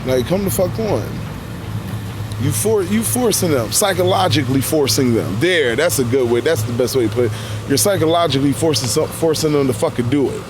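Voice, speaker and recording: A man's voice: on the high side, fairly quick, music in the background. Blunt, heavily cursing man ranting. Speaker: live streamer reacting to a video clip. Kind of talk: unscripted reaction commentary.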